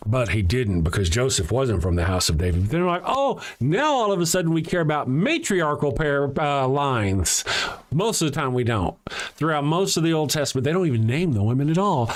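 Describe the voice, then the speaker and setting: A man hosting a livestream alone, reading chat comments aloud and answering them in a blunt, sarcastic, profane rant. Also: medium pitch.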